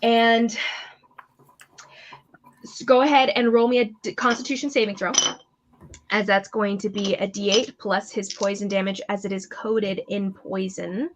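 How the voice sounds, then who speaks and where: A woman game master describes the action in a relaxed, chatty way and keeps her fillers in. Her voice sits in a middle range, and the recording has a slightly muffled, lo-fi sound. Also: mid-range voice, a little slow, long pauses, a little hiss or hum. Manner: loose, chatty narration with many fillers. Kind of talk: narrating a tabletop game.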